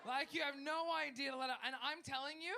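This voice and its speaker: A woman's voice: high voice, steady tone, a little fast, gravelly, bright, forceful tone, slight background noise. A woman with a North American accent performing a brash, crude stand-up set on a comedy club stage. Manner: brash, crude and self-mocking.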